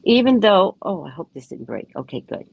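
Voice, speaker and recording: A woman's voice: fairly low pitch, very animated, brisk, creaky, breathy edge, no echo, dull audio. A woman psychic reader talking casually to her viewers, emphatic and self-assured. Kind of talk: casual spiritual talk to viewers.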